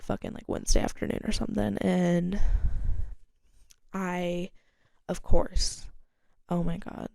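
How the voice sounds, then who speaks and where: This young adult podcast host has a gravelly, mellow voice and chats candidly through a casual story, swearing freely and saying "like" a lot. Quoting others makes her animated, with sharp leaps in pitch and loudness. Clean studio sound, no echo.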